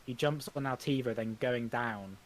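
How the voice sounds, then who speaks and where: A man reading stage directions aloud in an amateur script reading, halting often and restarting words. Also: mid-range voice.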